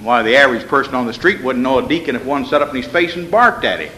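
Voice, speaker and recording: A man's voice: mid-range voice, expressive, quick pace, bright, forceful tone, a little hiss or hum. Emphatic preacher man in echoing hall. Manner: emphatic, with rhetorical questions and folksy asides. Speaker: pastor. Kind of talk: evening sermon with scripture reading. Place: church sanctuary. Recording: echoey hall with long reverb.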